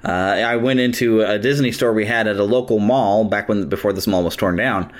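A man hosting a podcast in casual, eager conversation, talking quickly and laughing easily. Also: lowish voice. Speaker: podcast host. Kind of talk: casual chat.

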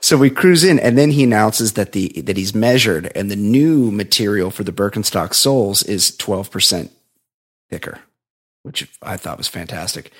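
A man co-hosting a podcast, telling a long rambling story in casual chat and dropping into a low flat voice to mimic others. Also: normal speed. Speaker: podcast co-host.

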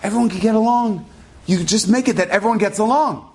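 A man telling a story in an animated, quick, lively way. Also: sits high, faint music behind. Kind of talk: oral storytelling.

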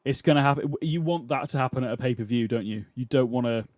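A man's voice: mid-range voice, fast talker, a little mellow, no echo, clean studio sound. Musing male podcast host. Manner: musing, questioning, laughs often. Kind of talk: casual chat.

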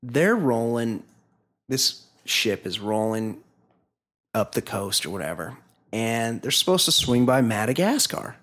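A man's voice: mid-range voice, big pitch swings, measured pace, a bit bright. A man co-hosting a podcast, telling a news story in a rambling, profane way, with lots of fillers. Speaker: podcast co-host. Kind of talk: casual chat.

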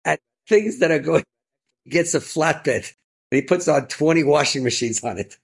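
A man, a rabbi, telling inspirational stories in an animated way, with bursts of excited emphasis. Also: fairly high pitch, normal speed, vocal fry, slightly rough. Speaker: rabbi and storyteller. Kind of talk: inspirational storytelling talk.

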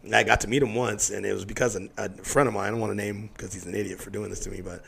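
A middle-aged man chatting casually, telling animated stories, acting out the voices of people in them and swearing freely. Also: lowish voice, very fast, creaky, slightly rough. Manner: animated storyteller who acts out quotes, swears freely. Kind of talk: casual conversation.

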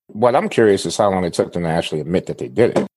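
A man's voice: low voice, animated, rapid-fire, a little mellow, a little hiss or hum. A man co-hosting a podcast, talking bluntly and casually with frequent swearing. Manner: blunt, swears freely, laughs often. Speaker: podcast co-host.

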